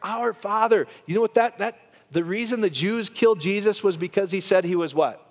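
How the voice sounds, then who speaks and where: A man preaching a sermon, animated and joking with his congregation. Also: high voice, normal speed. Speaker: pastor. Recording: long reverb of a church hall.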